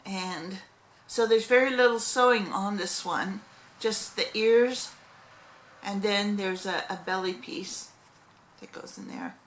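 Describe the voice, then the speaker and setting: A woman's voice: medium pitch, slow, slight background noise. A middle-aged woman hosting a casual crochet vlog, rambling with many fillers and correcting herself as she goes. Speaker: crochet vlogger. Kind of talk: casual crochet show-and-tell.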